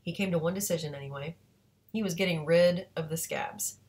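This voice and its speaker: A woman reading a novel aloud at a steady pace, now and then stopping to correct a slip. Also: on the low side, a little fast. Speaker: audiobook reader.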